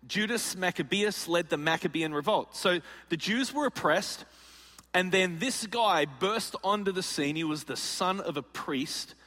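A male pastor preaching a sermon in an animated, joking way, acting out scenes as he tells them. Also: high voice, long reverb tail. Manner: animated and jokey, acts out scenes.

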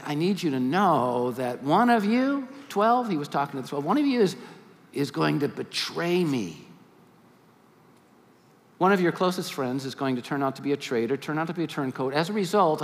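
A pastor preaching a sermon, casually acting out dialogue as he tells a story. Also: sits high. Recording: long reverb of a large hall.

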